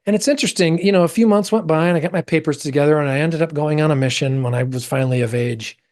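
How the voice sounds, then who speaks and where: Brief: middle-aged American man, podcast guest, expressive storyteller who jumps into quoted voices. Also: fast talker. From United States. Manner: animated, acts out quoted voices with big pitch jumps. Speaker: actor. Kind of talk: personal storytelling in a podcast interview.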